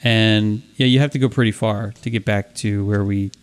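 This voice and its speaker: A man's voice: on the low side, steady tone, normal speed, clean tone. A man co-hosting a podcast, chatting playfully while he plays a video game and reads its characters aloud. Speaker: podcast co-host. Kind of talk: casual chat while playing a video game.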